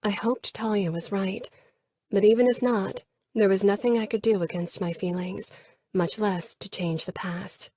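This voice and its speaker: A woman narrating a first-person romance novel in a measured, intimate way. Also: medium pitch, fairly even intonation, warm tone, a little hiss or hum. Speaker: audiobook narrator.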